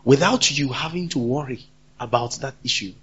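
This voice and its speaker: Husky guy preaching, repeats stuff for punch, dull lo-fi recording. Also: medium pitch, normal speed. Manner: emphatic, repeats key phrases, swings between loud and soft. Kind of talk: sermon.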